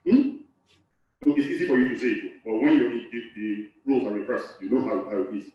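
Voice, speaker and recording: A Nigerian man lectures live to a hall audience as the course lecturer, repeating key phrases and putting questions to the room. His voice is medium in pitch, animated, fairly quick and a little mellow. The recording is dull, echoey and distant, as if captured from far off in the hall.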